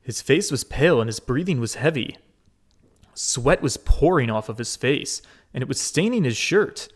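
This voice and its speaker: A man playing a game and reading its text aloud, with casual, expressive commentary and swearing asides. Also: mid-range voice, moderate pace, breathy edge. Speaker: let's play gamer.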